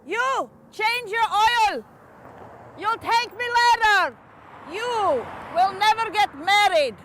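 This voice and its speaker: A woman's voice: extremely high pitch, expressive, takes it slowly, background noise, pitched above the performer's own voice, heavily acted. A woman playing a brash psychic who hands out blunt readings in a comedy clip. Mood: bossy. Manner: bossy, blunt pronouncements with cackles.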